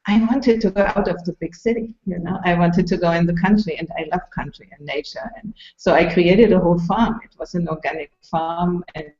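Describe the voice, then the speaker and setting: A woman's voice: fairly low pitch, fairly quick, few pauses, a little mellow, echoey room. An older woman with an Italian accent, a guest telling her story in a casual interview. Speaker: guest, farm owner. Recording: dull lo-fi livestream audio.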